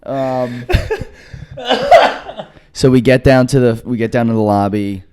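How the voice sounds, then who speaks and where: A young man co-hosting a comedy podcast, telling a story in a casual, animated way and acting out the voices of the people in it. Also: mid-range voice, a little fast, clear, resonant tone. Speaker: podcast co-host.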